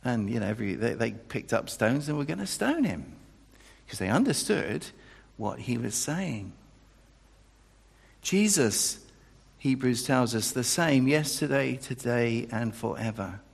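A man's voice: mid-range voice, very animated, measured pace, gravelly, breathy edge. A man preaching a sermon, talking conversationally and then building to emphatic declarations. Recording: reverberant church hall.

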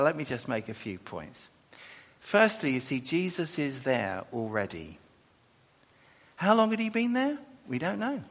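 A man preaches in a hall, and his words ring out with a long echo. His pitch leaps and dips as he talks, his voice has a gravelly edge, and he breaks off into chatty asides. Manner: animated, chatty asides, self-correcting. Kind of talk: sermon with scripture reading. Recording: echoey hall.

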